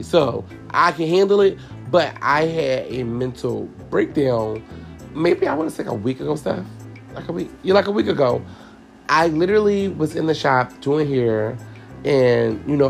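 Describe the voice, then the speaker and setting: A young man with a gravelly, creaky voice who talks to his listeners as y'all. He tells a personal story frankly and emotionally, swearing freely and without any polish. Faint music plays underneath. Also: mid-range voice. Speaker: podcast host and hairstylist.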